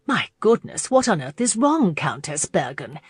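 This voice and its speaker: A woman voicing a gracious, tactful duchess who smooths over quarrels in a storybook reading. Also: low-pitched, sing-song, normal speed, no echo, heavily acted. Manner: light, tactful.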